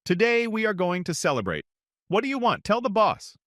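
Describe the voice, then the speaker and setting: A man doing a loud bossy squad leader. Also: high voice, wildly swooping pitch, a little fast, no room sound, clean studio sound, voice pushed up, full character voice. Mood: jovial. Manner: shouting, bossy.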